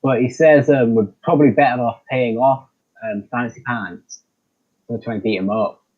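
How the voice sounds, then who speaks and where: A man's voice: medium pitch, steady tone, moderate pace, breathy edge, narrow, tinny audio. A man playing a tabletop game, talking casually and hesitantly with lots of ums. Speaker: player.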